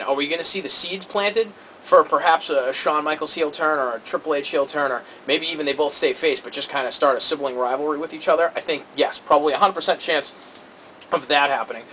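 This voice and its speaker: Fast-talking bright-voiced man. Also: fairly high pitch, a little hiss or hum, poor audio. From Cambridge area. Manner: opinionated, quick and animated. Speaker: co-host. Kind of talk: casual wrestling talk show chat.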